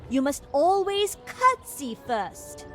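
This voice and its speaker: A woman's voice: high voice, big pitch swings, takes it slowly, full character voice. A prim etiquette-obsessed lady. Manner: prim, fussy, corrective. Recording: game audio with music behind.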